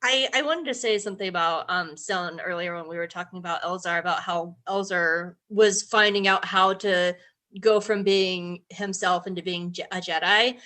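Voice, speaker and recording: A woman's voice: lowish voice, moderate pace, pushed and bright. A woman talking earnestly and emotionally as a guest in a casual podcast discussion.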